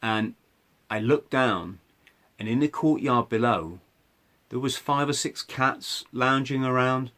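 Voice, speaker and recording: A man's voice: mid-range voice, takes it slowly, fairly bright tone. A man hosting a podcast, telling a personal story conversationally, with restarts and frequent "right?" asides. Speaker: podcast host.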